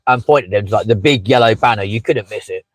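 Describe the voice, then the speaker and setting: A man's voice: on the low side, a little fast, no echo, poor audio. A man hosting a casual live stream from inside a parked car, chatting with many fillers and asides as he reads out viewer comments. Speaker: livestream host.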